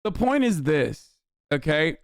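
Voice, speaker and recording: A man's voice: fairly high pitch, big pitch swings, takes it slowly, vocal fry, clean tone, no echo, clean studio sound. Heated, profane male streamer. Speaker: live streamer. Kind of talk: reaction commentary rant.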